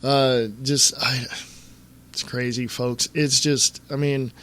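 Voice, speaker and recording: A man's voice: mid-range voice, level tone, slow, fairly bright tone. A man hosting a political podcast, delivering a fiery, ranting monologue straight to his listeners. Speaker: podcast host. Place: Reno, Nevada area.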